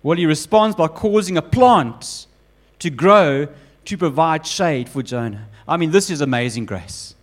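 A man preaching a sermon with emphatic, animated delivery, often building up repeated lists. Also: fairly high pitch, measured pace. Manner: acts out quoted voices of God and Jonah.

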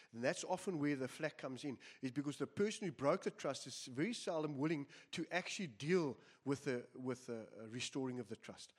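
A man's voice: mid-range voice, slightly rough. A man preaching a sermon, earnest and emphatic, often repeating his phrases. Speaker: pastor.

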